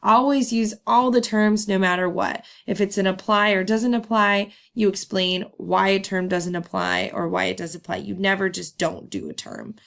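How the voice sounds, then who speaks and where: Upbeat woman teacher recording a video lesson; a little gravelly, casual and chatty. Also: medium pitch, moderate pace, few pauses, a bit bright. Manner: chatty, upbeat, laughs and says um often.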